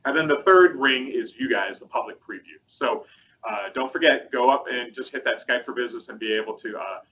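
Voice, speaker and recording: Bright-toned man chatting through a demo. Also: medium pitch, fairly quick, muffled recording. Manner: rambling, chatty, many fillers. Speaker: co-host presenting a product demo. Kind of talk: casual webcast chat.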